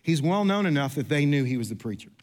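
High-voiced chatty pastor preaching. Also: male voice, sing-song, fast. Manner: chatty, self-deprecating, restarts often, acts out quoted people. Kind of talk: sermon with storytelling. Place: church sanctuary.

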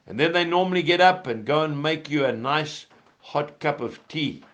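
A man's voice: a little high, expressive, unhurried. A man preaching a heartfelt, earnest sermon, recorded indoors under a tin roof with rain falling.

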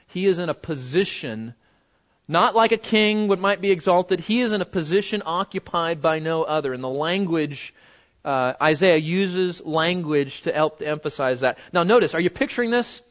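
A man teaching a Bible lesson in a conversational way, often repeating words and slowing down to stress key phrases. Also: fairly high pitch, expressive, a bit bright, dull audio.

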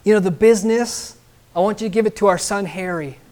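A man voicing a dying rich old man who dictates his will in halting bits, in a sermon joke. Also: sits high, darkish tone, natural voice. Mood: insistent.

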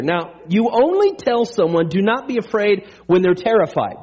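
A man with a notably high voice preaching a sermon to his congregation. He talks in an energetic, chatty way, throwing in jokes and quick "right?" checks. The recording sounds dull and lo-fi. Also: breathy edge. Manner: energetic and conversational, with frequent "right?" asides; playful humor and pop-culture jokes. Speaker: pastor.

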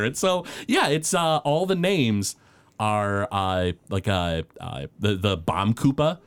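A man chatting casually as a podcast co-host, his pitch rising and falling with lively, animated swings. He rambles through loose sentences full of fillers and restarts. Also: takes it slowly, clear, resonant tone. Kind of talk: casual chat.

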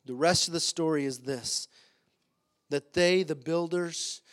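A man's voice: a little high, unhurried, a bit bright. A man preaching a sermon as pastor, impassioned and emphatic, with frequent hesitant fillers between points.

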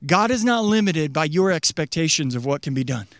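High-voiced chatty young male pastor. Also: expressive, brisk, a bit bright, dry recording. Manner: chatty, uses many fillers, acts out quotes in character voices. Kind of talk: casual conversational sermon.

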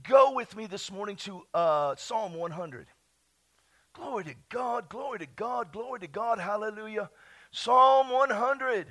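A man preaching a lively sermon in a church, whooping, shouting out scripture and laughing at himself. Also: high voice, measured pace. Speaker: pastor.

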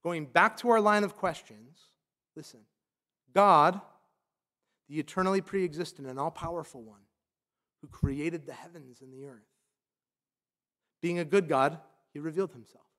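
A man's voice: a little high, measured pace, long pauses, fairly bright tone. A man preaching a sermon as a pastor, emphatic and loose, often saying "like".

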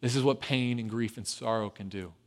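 A man preaching a sermon as pastor, dropping to a hushed, tender voice and then rising loud and urgent. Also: mid-range voice, fairly quick.

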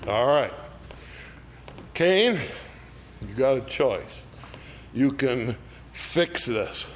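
Speaking very slowly at medium pitch, a man teaches an unscripted adult Bible study, explaining verses in a chatty way and often checking in with "all right?". He performs lively quoted voices to illustrate them, and there's slight background noise.

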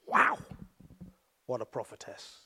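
A British man preaching a sermon, telling stories with pauses and sudden drops to soft asides. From Britain.

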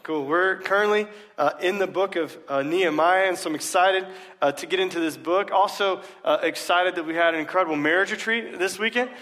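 A man preaching a sermon to his church in a relaxed, joking way, full of "uh" fillers. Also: high-pitched, fairly quick. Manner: casual, joking, many "uh" fillers. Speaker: pastor. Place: church sanctuary. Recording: long reverb of a large hall.

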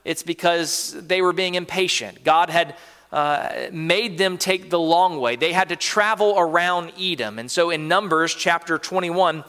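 A man preaching a sermon as pastor, earnestly asking questions of his listeners and dropping to hushed, low stretches between raised points. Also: unhurried, clear, resonant tone, in a large hall.

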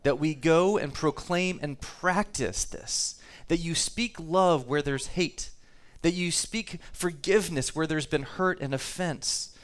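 A man's voice: on the high side, takes it slowly, hardly any pauses. A man preaching a sermon to his congregation, talking easily, reading scripture aloud and repeating himself now and then. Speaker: pastor.

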